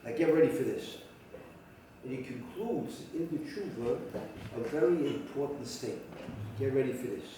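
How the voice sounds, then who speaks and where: Rabbi lecturing in a very echoey room. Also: male voice, mid-range voice, animated, recorded from a distance, noisy background. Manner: halting restarts, sudden emphatic rises. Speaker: rabbi teaching a halacha class. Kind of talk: spoken Torah lecture.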